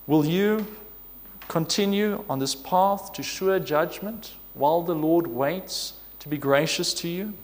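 A man's voice: on the high side, slow pace, long reverb tail. A man preaching a sermon, earnest and emphatic, reading scripture and pleading with rhetorical questions.

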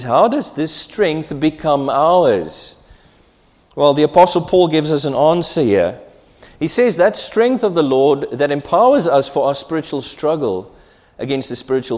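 A man's voice: mid-range voice, darkish tone, in a large hall. A man pastor preaching a sermon, emphatic and repeating key phrases for weight.

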